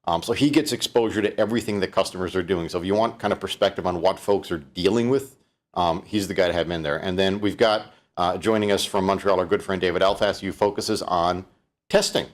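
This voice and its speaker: With a deep voice and brisk delivery, a middle-aged man from Canada gives a live-streamed keynote. His style is chatty and loose, peppered with fillers and restarts.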